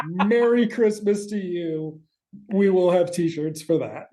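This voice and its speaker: Mellow-voiced man rambling through a recap. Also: high-pitched. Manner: rambling, quick asides with casual swearing. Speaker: podcast co-host. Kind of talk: casual chat recapping a TV episode.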